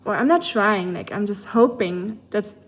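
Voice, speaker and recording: A woman's voice: mid-range voice, measured pace. A woman with a German accent chatting casually with her livestream chat, rambling along with lots of fillers.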